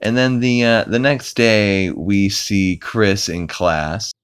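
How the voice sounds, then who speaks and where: Low-voiced guy rambling thru an episode recap, lots of ums and you-knows. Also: steady tone, takes it slowly, clean tone. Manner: rambling, with many fillers and put-on character quotes. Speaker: podcast host.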